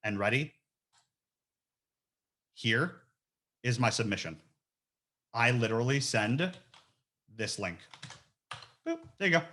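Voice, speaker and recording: A man running a casual webinar demo as a recruiter, talking in an energetic, slangy, animated way. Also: medium pitch, slow pace, pauses often, slight background noise. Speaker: recruiter giving a software training.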